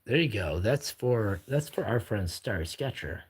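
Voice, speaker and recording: Streamer host, male, deep husky voice, loose rambling chat while drawing, reads comments aloud. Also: very animated, unhurried. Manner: reads viewer comments aloud and chats back.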